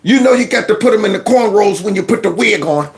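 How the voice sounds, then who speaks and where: A man's voice: sits high, lively intonation, fast talker, creaky. A man hosting a reaction commentary, mocking what he watches and laughing often as he trash-talks. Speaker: commentary host.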